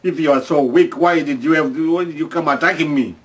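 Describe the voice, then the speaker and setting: Cast: man voicing a cross, scolding bull elephant in a told story, raised and loud, mic set back. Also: fairly high pitch, fairly quick, breathy edge, far from the mic, voice pushed up. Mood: indignant. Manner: indignant, scolding. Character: angry male elephant scolding its victim.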